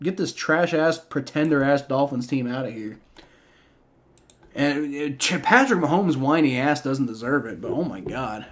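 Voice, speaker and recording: A man's voice: medium pitch, moderate pace. A man live-streaming a game reaction, ranting in exasperation with heavy profanity and frequent stammering restarts.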